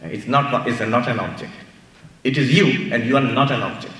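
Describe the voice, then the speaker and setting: A man with an Indian English accent giving a spiritual talk in a large hall, animated and playful as he tells stories. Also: mid-range voice, moderate pace. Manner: animated storytelling with playful asides. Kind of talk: sermon-style lecture. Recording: echoey hall, mic far off.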